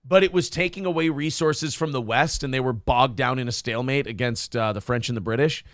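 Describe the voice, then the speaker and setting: A man hosting a casual talk show, ranting in a profane, animated way. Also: medium pitch, a little fast, no room sound, studio quality. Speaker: podcast host.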